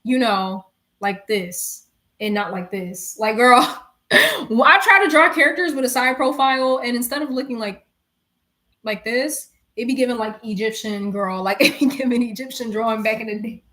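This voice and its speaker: A young woman from New York with a New York accent, chatting casually and retelling a story in slangy, animated talk with frequent laughs. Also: a little high, normal speed. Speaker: streamer. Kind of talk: casual chat.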